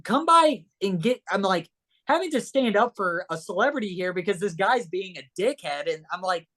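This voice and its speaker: A man's voice: high-pitched, animated, brisk, a bit bright. A man from Ohio, a podcast guest in casual chat, telling stories animatedly and acting out the voices of the people he quotes.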